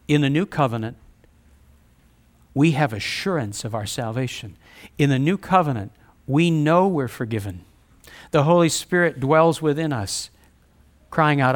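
A man delivering a sermon in an earnest, direct way. His voice sits fairly high. He mixes scripture readings with plain-spoken asides to the congregation. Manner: earnest, preaching with rising emphasis and repetition; reads scripture aloud, conversational asides. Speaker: preacher.

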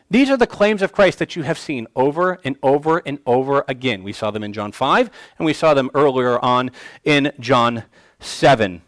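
A man preaching an expository sermon, swinging between loud declarations and quiet asides. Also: medium pitch, no echo. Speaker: pastor.

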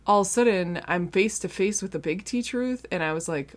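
A woman's voice: medium pitch, a little fast, few pauses. A middle-aged woman hosting a faith-based podcast, talking earnestly and directly to her listeners in a casual, conversational way. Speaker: podcast host and marriage coach client.

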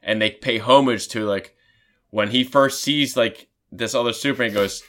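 A man co-hosting a casual chat, rambling and restarting often as an excited fan. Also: medium pitch, normal speed. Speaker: podcast co-host.

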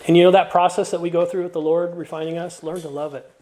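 A man's voice: on the high side, flat delivery, quick pace, warm tone. A middle-aged male pastor preaching a sermon, mixing stories told with playful asides and earnest encouragement.

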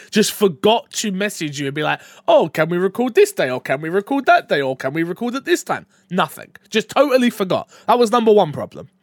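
High-voiced guy hosting a gaming podcast, jokey, loud then mumbly, dry close mic. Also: no echo. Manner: animated, joking, swings from loud to mumbled asides. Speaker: podcast host. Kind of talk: casual podcast chat.

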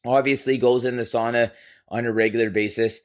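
With a medium-pitched voice and a fairly quick delivery, a male podcast host tells a story in casual chat. He's animated and profane, lurching from loud bursts to quiet asides.

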